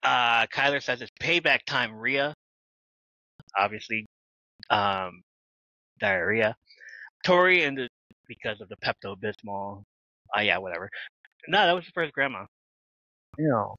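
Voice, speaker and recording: A man co-hosting a casual podcast, rambling through a recap with joking asides and plenty of fillers. His voice has a bright, forceful edge. It comes through dry and a bit dull, like a lo-fi home mic. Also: mid-range voice, lively intonation, unhurried, long pauses, no room sound. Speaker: podcast co-host. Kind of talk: casual chat recapping a TV episode.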